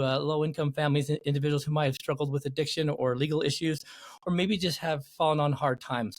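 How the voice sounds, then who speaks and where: A middle-aged man hosts a podcast with an upbeat, energetic delivery. His voice sits a little high for a man, and the sound is dry and close to the mic, with no room around it. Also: no echo. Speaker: podcast host and recovery coach. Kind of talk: podcast interview.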